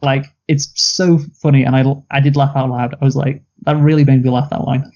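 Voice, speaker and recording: Man, movie review co-host, mellow dark tone, dull lo-fi sound, blunt casual chat. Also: medium pitch, little pitch movement, a little fast, vocal fry. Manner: blunt, laughs at own picks, quotes lines.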